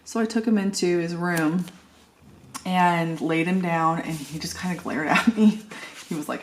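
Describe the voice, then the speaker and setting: A woman's voice: fairly low pitch, steady tone, moderate pace, slight background noise. A middle-aged woman vlogging in a casual, rambling way, telling a family story with lots of filler words. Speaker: planner vlogger. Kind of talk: casual chat.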